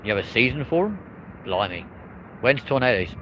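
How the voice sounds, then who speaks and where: A man's voice: medium pitch, big pitch swings, moderate pace. A man hosting a live plane-spotting stream outdoors by an airport runway, chatting casually with viewers and cheering the planes on. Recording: loud wind and traffic noise.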